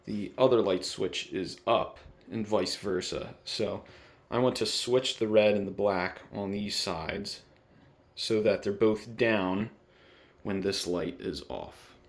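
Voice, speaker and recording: A young man talking through a home wiring job in a relaxed, thinking-aloud way. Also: on the low side, slow pace. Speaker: DIY video host. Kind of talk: casual how-to narration. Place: indoors in a home bathroom.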